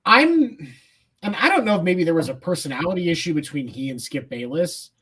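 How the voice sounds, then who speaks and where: A man co-hosting a sports podcast, giving measured opinions with casual fillers. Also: a little high, lively intonation, fairly bright tone, slightly rough. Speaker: podcast co-host.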